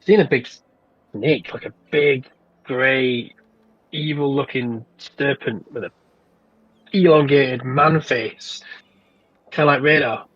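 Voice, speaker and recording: Brief: man, tabletop player, husky excited voice, dry dull recording. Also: medium pitch, slow, pauses often, dry recording. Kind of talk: casual tabletop game play.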